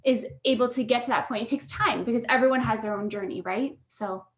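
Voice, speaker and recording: A woman hosts a casual interview podcast, her voice sitting on the higher side. She talks in an affirming, loose way, leaning on ums and you-knows. The sound carries a noticeable room echo. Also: brisk. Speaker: podcast host. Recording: echoey room.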